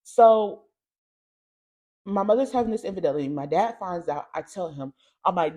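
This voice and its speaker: Animated young woman telling a personal story. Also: on the low side, normal speed. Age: young adult. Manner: animated, slangy, swings into loud shouting impressions. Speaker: podcast host.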